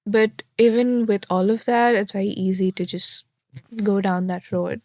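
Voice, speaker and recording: A woman's voice: mid-range voice, steady tone, normal speed, darkish tone, no echo, clean studio sound. A young woman from India, a law graduate, answering interview questions in a chatty, candid way and acting out her own thoughts in quotes.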